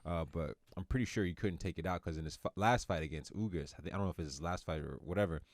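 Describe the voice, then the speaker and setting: A man hosting a podcast, chatting casually and chiming in with quick reactions. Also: low voice, no echo, studio quality. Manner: relaxed, backchannels, chimes in with reactions. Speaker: podcast host. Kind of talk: casual chat. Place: podcast studio.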